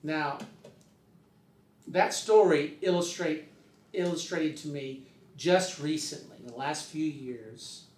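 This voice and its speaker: A man's voice: fairly high pitch, slow pace, long pauses, a little mellow. An older man telling a rambling, casual story, slipping into other people's voices as he goes. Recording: roomy sound, distant from the mic.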